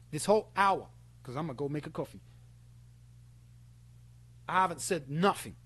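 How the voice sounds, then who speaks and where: Ranting man, fairly high voice. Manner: confrontational, sweary, repetitive. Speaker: streamer addressing a former friend. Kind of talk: ranting monologue.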